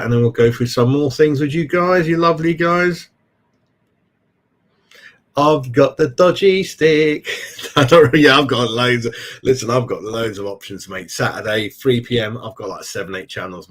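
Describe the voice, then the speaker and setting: A man's voice: lowish voice, lively intonation, fairly quick, fairly bright tone. Chatty man on a fan stream. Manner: chatty, says "mate" a lot. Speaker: fan channel host. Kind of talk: casual live stream chat.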